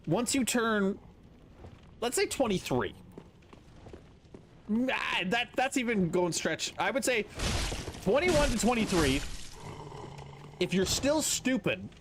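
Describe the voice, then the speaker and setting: A man in his thirties with a high voice, talking to his stream chat while he plays. His pitch jumps around a lot as he gives blunt opinions and swears often. A faint hum of room ambience sits underneath. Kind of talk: casual chat to stream viewers while gaming.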